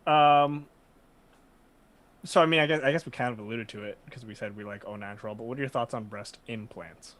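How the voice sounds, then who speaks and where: A man's voice: mid-range voice, fairly quick, fairly bright tone. Man teasing and joking on a podcast. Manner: joking, teasing, swears casually. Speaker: podcast co-host. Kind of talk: casual chat.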